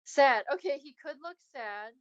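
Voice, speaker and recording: A woman with a somewhat high voice leads a remote art lesson. She reads lines from a picture book and then asks students encouraging questions about the drawings. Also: animated, moderate pace, dull audio. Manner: encouraging, questioning students, reading text aloud. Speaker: arts teaching artist. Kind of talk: remote class demonstration, reading a picture book aloud. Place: video call lesson.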